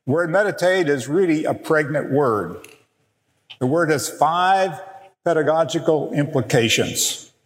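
A middle-aged man with a fairly high voice teaches a class, lingering on words with slow, deliberate emphasis. His voice rings through a large hall with a long, roomy reverb. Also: lively intonation. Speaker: biblical counseling teacher. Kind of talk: teaching a workshop session with slides.

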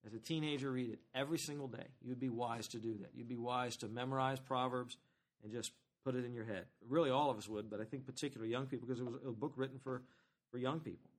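A man preaching a sermon as pastor, talking to the congregation in a conversational, animated way and asking them questions. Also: medium pitch, fast.

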